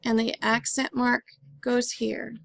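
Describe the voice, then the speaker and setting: Woman teacher, high voice, very bright tone, dry close sound, patient step-by-step phonics lesson. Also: level tone, slow pace, no room sound. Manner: clear, patient, step-by-step instructing.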